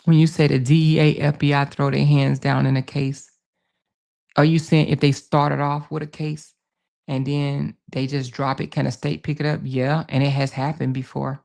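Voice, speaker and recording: This woman's livestream is casual: she reads viewer comments, answers them, and repeats phrases for emphasis, calling people baby and honey. Her voice is low, creaky, and darkish, with little pitch movement and a moderate pace.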